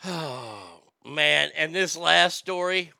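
A man's voice: a little high, extremely slow, vocal fry, bright, forceful tone, no echo. A man hosting a casual comedic chat, wisecracking about odd news stories. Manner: wisecracking, drifting into mocking bits.

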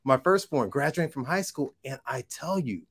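A man in his forties hosting a casual podcast conversation, cheering his guest on with quick affirmations and telling stories animatedly. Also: mid-range voice, breathy edge. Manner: eager call-and-response affirmations, animated storytelling. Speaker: podcast host.

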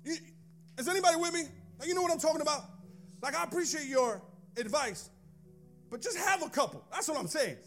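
High-voiced preacher with faint music behind. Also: male voice, sing-song, brisk, long pauses. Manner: preaching with rising intensity, sing-song shouted cadences; conversational asides to the congregation. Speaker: pastor. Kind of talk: sermon. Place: church.

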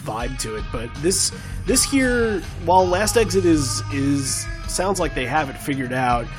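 A man hosting a podcast in casual, rambling chat, animated and joking. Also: fairly high pitch, a little slow, over music. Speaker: podcast host.

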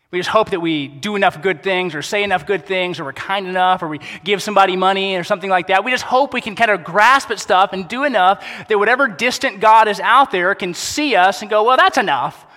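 A pastor preaching a sermon in a casual, conversational way, dropping to a soft, quiet voice for emphasis. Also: male voice, high voice. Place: church sanctuary. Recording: long hall reverb.

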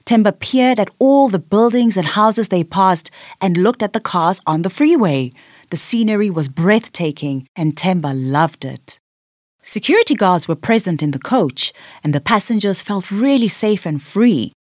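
A woman narrating a children's storybook aloud in a clear, expressive way. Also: medium pitch, moderate pace, no echo, clean studio sound.

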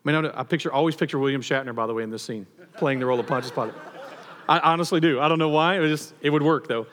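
A pastor giving a sermon in a conversational, animated storytelling manner with touches of humor. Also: male voice, fairly high pitch, racing, big-room sound.

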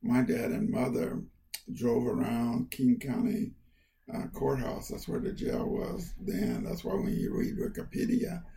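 An older man, a county councilmember, telling personal stories in an interview, animated and acting out family quotes. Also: medium pitch, a little slow, vocal fry. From United States. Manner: animated, lively storyteller who acts out family quotes. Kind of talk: conversational storytelling.

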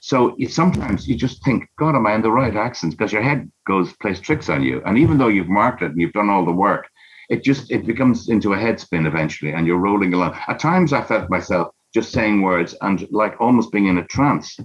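Deep husky guy narrator, stumbles and restarts, dull lo-fi audio. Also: expressive, a little fast. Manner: stammering restarts, storytelling energy. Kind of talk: animated interview talk. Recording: dull lo-fi sound.

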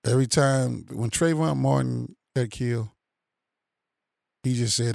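A man from the Chicago area in a heated casual political chat, blunt and profane, often getting loud and animated. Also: mid-range voice, a little slow, creaky, heavy background noise. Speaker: panel commentator.

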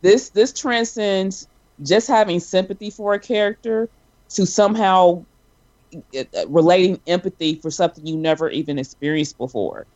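A man co-hosting a casual chat about a TV show, animated and emphatic. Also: moderate pace, dry recording, dull audio. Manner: animated, acts out sobbing at a high pitch. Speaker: podcast co-host.

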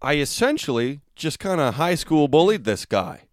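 A man co-hosting a podcast, telling a story in casual chat, animated and profane, loudly acting out what people said. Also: fairly high pitch, normal speed, dry recording, clean studio sound. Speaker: podcast co-host.

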